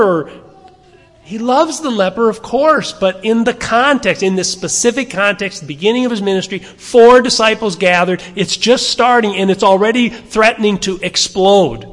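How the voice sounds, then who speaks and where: A man's voice: sits high, animated, normal speed, fairly bright tone, long reverb tail. A man preaching and teaching through a Bible passage, chatting and putting questions to his listeners. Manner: conversational, asking the listeners questions.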